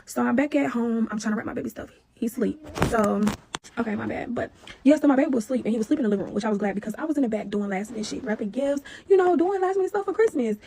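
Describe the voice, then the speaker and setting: Young woman telling a story to camera, talks super fast, kinda high voice, blunt and animated. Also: creaky, slight background noise. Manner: animated and blunt, heavy profanity. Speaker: vlogger.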